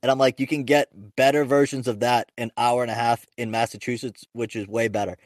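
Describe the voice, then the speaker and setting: A man's voice: medium pitch, little pitch movement, brisk, dry recording. A young man, a podcast host and stand-up comic, telling rambling, profane stories with lots of restarts. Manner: rambling, profane, self-interrupting anecdotes. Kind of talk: casual podcast storytelling.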